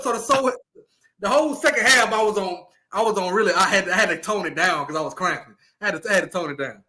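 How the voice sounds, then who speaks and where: A young man, chatting casually as a podcast guest, animated and quick to laugh, repeating his lines as he tells stories. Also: sits high, over a noisy crowd. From Louisiana. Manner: animated storyteller, laughs often, repeats himself.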